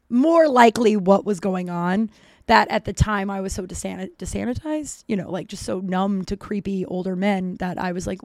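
A woman in her forties, a podcast host, telling a personal story in a candid, profane, animated way. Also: mid-range voice, no echo, clean studio sound. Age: 40s. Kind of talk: casual storytelling monologue.

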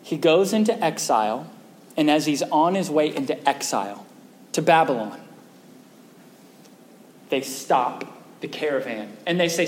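A man's voice: fairly high pitch, lively intonation, a little slow, long pauses. A male pastor preaching a sermon in a conversational way, often asking the congregation questions. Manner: conversational, asks the audience questions. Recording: echoey hall with faint noise.

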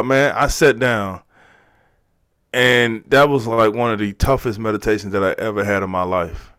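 A man's voice: on the low side, a bit bright, clear, resonant tone, no room sound. A man, telling a personal story in a candid, emotional way, often restarting his words. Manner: emotional, halting, repeats words. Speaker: podcast guest.

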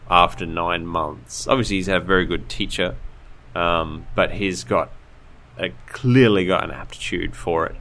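A man co-hosting a podcast, telling a story in animated casual chat and laughing often. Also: low-pitched. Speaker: podcast co-host.

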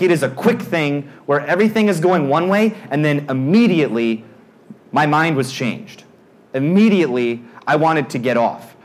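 A young man preaching in a casual storytelling way. His voice rides up high and swoops back down as he acts out his own panic, and his pitch sits a bit above most men's. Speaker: youth pastor. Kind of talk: storytelling sermon.

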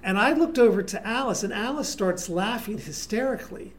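A man, a guest performer, telling casual anecdotes in an animated way with frequent restarts. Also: high voice, fairly quick, a little hiss or hum. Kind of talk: casual storytelling.

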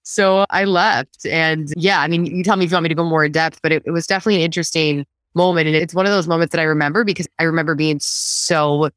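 A woman guest tells her story in a casual interview, animated and quick to laugh. Her voice sits a little low but leaps up when she acts out what others said. The recording is dry and close. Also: smooth, dry recording. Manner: animated, laughs often, acts out quotes in a higher voice.

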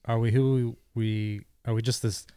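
A young man co-hosting a casual sports podcast, talking in a halting way full of fillers and restarts. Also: mid-range voice, flat delivery, warm tone, clear, resonant tone, no room sound. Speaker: podcast co-host.

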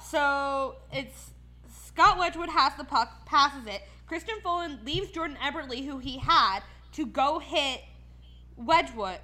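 High, bright-voiced woman ranting. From Philadelphia. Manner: profane, heated ranting with many fillers. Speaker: podcast host. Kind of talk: casual chat.

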